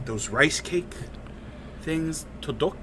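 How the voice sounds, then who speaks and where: A man's voice: on the high side, animated, slow. A man co-hosting a podcast in casual chat, mostly chiming in with short agreements. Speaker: podcast co-host. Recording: loud background noise.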